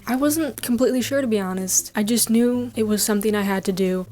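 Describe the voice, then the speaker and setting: A woman's voice: a little high, fast, warm tone. Rambling woman telling a comic story. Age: 30s. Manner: rambling, self-interrupting, giggly asides.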